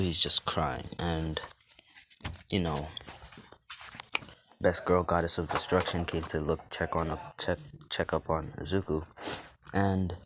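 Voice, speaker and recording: Deep-voiced young man rambling a fan story. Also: fairly bright tone, slight background noise. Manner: rambling, filler-heavy, casual. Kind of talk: improvised fan fiction storytelling.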